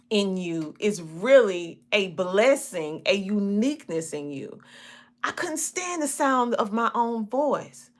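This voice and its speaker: A woman in her forties with a broad Southern US twang, chatting casually to a livestream audience. Her voice is bright and forward, and her words stretch and wander the way a country drawl does. She laughs easily between her points. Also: medium pitch. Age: 40s. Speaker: podcast host and coach. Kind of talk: casual livestream talk to viewers.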